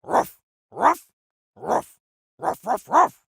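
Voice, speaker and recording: Tin, an eager pet dog. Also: female voice, on the high side, very animated, drawn-out words, a bit bright, no echo, clean studio sound, heavily acted. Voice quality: gravelly barking. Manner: eager, insistent barks. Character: lively loyal pet dog, male. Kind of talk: game voice acting.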